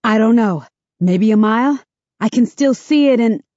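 A man's voice: high voice, normal speed, no echo, muffled recording, voice pushed up, lightly acted. Woman reading as a wry wounded young man. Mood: anxious. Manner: flat, deadpan delivery.

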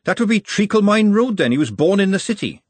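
A man's voice: sits high, big pitch swings, fairly quick, no echo, voice pushed up. A man voicing a sensible, bossy young working woman who talks in a firm, scolding way.

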